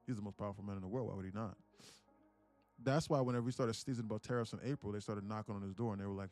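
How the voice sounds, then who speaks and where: A man talking to his live-stream audience in a rambling, excitable way, repeating himself and swearing. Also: lowish voice, very fast, faint music behind. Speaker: day trading streamer. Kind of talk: casual live-stream commentary.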